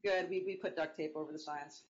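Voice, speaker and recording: Teasing deadpan woman on voice chat. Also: sits low, fairly quick, dull audio. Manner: deadpan teasing with stammered restarts. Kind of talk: casual online chat.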